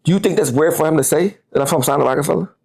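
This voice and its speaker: A man's voice: a little high, very fast, gravelly, a little mellow. A man, a guest on a podcast interview, talking heatedly and profanely and repeating words as he gets worked up.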